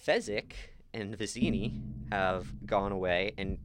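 Speaking in a somewhat low register over faint background noise, this podcast co-host walks through a film one scene at a time. His casual recap is lively, peppered with fast quoted lines from the characters.

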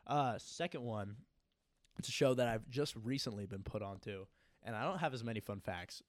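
This podcast co-host is a young man whose lowish voice carries at a normal speed, free of any room sound. His casual chat wanders from story to story, full of "like" fillers.

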